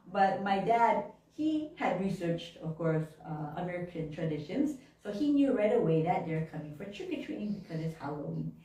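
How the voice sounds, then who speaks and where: A woman telling childhood stories during a sermon, animated and laughing often, acting out little voices along the way. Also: fairly low pitch. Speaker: minister. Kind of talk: storytelling sermon. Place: church hall. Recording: very echoey room, mic at a distance.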